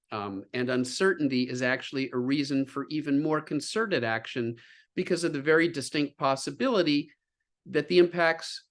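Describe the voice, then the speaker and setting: A man's voice: mid-range voice, a bit bright. A man being interviewed as a scientist on a video call, explaining earnestly with frequent fillers and restarts. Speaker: guest scientist.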